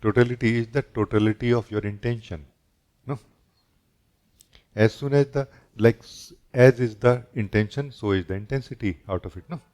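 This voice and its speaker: A spiritual teacher gives a gentle, reflective satsang talk in a mid-range voice at a moderate pace. He often ends his sentences with a questioning "no?".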